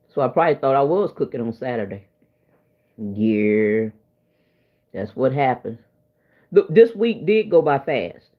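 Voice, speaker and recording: A woman hosting her own livestream, chatting to viewers in a rambling, emotional way after a sleepless night. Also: deep voice. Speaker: livestream host. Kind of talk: casual livestream chat. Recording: dull lo-fi stream audio.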